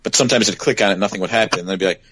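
A man's voice: fairly low pitch, rapid-fire, a bit bright, slightly rough, no echo, rough recording. A man co-hosting a podcast in casual chat, talking thoughtfully and asking reflective questions. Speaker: podcast co-host.

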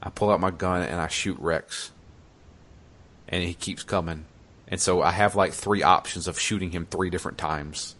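A man with a very low voice tells a video game story in casual conversation. He is animated and laughs often. He swears freely as he talks. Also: normal speed. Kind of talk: casual gaming chat.

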